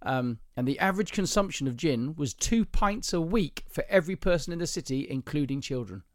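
A man's voice: on the high side, animated, brisk, no echo. Chatty man sharing trivia, dry sound. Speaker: podcast co-host. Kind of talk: casual chat.

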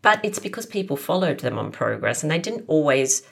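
A woman's voice: low voice, very animated, brisk, creaky, fairly bright tone, husky. A woman author talking history as a podcast guest, thoughtful and explaining at length with many asides. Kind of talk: podcast interview.

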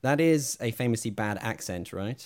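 A man's voice: medium pitch, lively intonation, normal speed, darkish tone. A man co-hosting a podcast, chatting casually and wryly about films, laughing often. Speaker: podcast co-host. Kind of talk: casual film chat.

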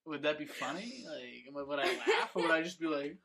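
A man hosting a casual podcast, his pitch swinging widely as he rambles through a story. He fills every pause with "like" and keeps doubling back on himself. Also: expressive, gravelly, a loud crowd. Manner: rambling storyteller, heavy use of "like". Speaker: podcast host. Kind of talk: casual chat.

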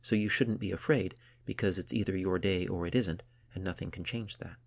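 A man voicing a steady, brave young girl who speaks calmly and reassuringly in a storybook. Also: low-pitched, a little fast, gravelly.

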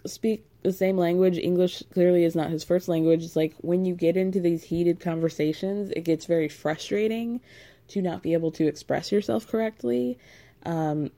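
A woman's voice: fairly low pitch, mellow. A woman hosting a podcast, recapping in a chatty, rambling way, full of "like" and easy laughter. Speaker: podcast host. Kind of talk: casual recap chat.

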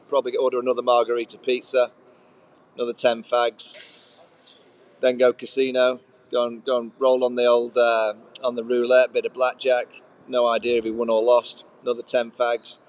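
A man's voice: mid-range voice, monotone, normal speed. A man, a podcast co-host, telling rambling anecdotes in a casual chat, listing details with fillers. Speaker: co-host, former cricketer.

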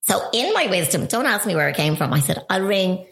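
A middle-aged Irish woman, co-hosting casually, telling a story in a lively way and acting out the quotes. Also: mid-range voice, brisk, vocal fry, reverberant. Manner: lively, animated storyteller who acts out quotes.

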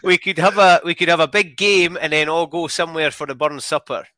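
A male host with a bright, fairly high voice keeps a casual chat moving. He reads out viewer comments and teases his guest in an upbeat way. The sound is close and dry. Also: fairly quick, dry recording.

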